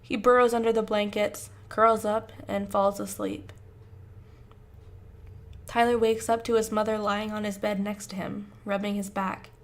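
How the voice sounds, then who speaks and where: A woman narrating fan fiction aloud in a measured, even storytelling manner. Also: mid-range voice.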